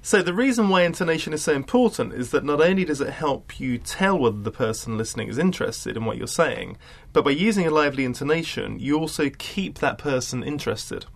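A man's voice: a little high, lively intonation, brisk, vocal fry, hardly any pauses. A man teaching an English class, patient and encouraging with his students.

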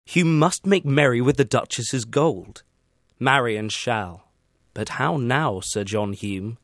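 A male Shakespearean stage character, as a man recites him, delivered with slow, old-fashioned declamation. The speech is unhurried and given dry, with no echo at all. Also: mid-range voice. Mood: declamatory. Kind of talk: Shakespearean recitation in original pronunciation.

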